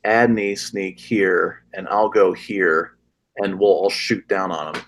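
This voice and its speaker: A man's voice: deep voice, takes it slowly, a little hiss or hum, rough recording. A man playing a tabletop game, thinking his plans through aloud with some hesitation. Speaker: player. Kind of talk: casual tabletop game play.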